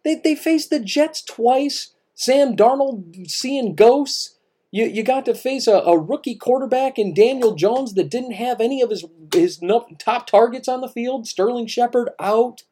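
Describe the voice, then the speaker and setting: A man's voice: very high voice, unhurried, mellow, husky. A man co-hosting a casual sports podcast, emphatic and repetitive, with many restarts. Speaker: podcast co-host.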